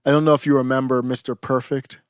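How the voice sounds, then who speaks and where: A man's voice: medium pitch, flat delivery, quick pace, clean tone, dry recording, studio quality. A man co-hosting a podcast, chatting casually and nostalgically, often trailing off and restarting his sentences. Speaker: podcast co-host. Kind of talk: casual chat.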